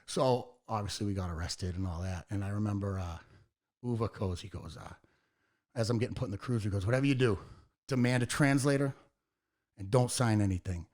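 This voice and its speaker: A man's voice: on the low side, a little fast. An American man telling a wild tour story in a casual podcast chat, swearing freely and acting out the lines of everyone involved. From United States. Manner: animated, profane storytelling with acted-out quotes. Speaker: podcast guest, hardcore band singer.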